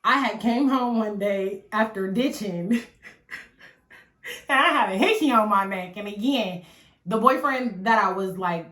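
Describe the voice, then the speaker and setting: Bright-voiced woman telling stories to camera. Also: medium pitch, unhurried. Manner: animated, chatty, swears freely and keeps addressing "y'all". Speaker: vlogger. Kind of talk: casual storytelling to the camera. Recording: echoey room.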